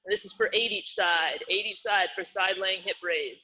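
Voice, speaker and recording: Guy coaching a live online workout, high bright voice, upbeat and jokey, kinda dull audio. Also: moderate pace, husky. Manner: upbeat, joking while cueing exercises. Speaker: fitness coach.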